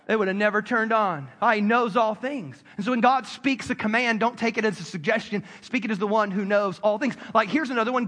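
A pastor with a rather high, slightly bright voice preaches to his congregation in a loose, conversational style, full of repetitions and asides. The recording has a long hall reverb.

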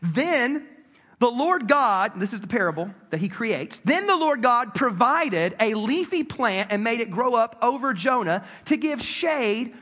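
A man preaching a sermon in a church hall, animated and calling on the congregation to respond. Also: sits high. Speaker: pastor. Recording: long hall reverb.

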